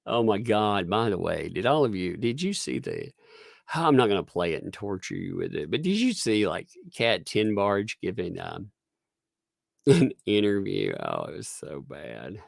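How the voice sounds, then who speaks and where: Guy rambling on a livestream, low creaky voice, dry close sound. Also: very animated, moderate pace, no room sound. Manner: rambling, laughs often. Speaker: livestream host. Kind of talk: casual livestream chat.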